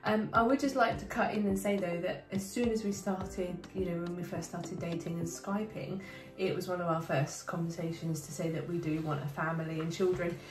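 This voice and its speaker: A woman's voice: lowish voice, fairly even intonation, a little fast, hardly any pauses. A woman, heavily pregnant, chatting earnestly with her partner. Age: 30s. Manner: earnest, thoughtful, with frequent fillers. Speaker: co-host of a couple's channel. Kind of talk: casual chat. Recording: roomy, distant mic, clear music behind.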